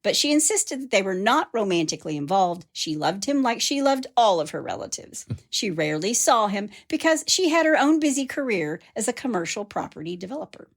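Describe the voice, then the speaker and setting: A woman's voice: medium pitch, big pitch swings, fairly quick, few pauses. A woman hosting a podcast, telling a true-crime story in a casual way and reading out quotes with teasing asides. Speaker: podcast host.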